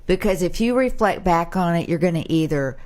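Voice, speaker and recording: A woman's voice: fairly low pitch, expressive, fairly quick, a little mellow. A middle-aged woman, a brain health expert, giving advice in a casual panel chat and acting out little exchanges.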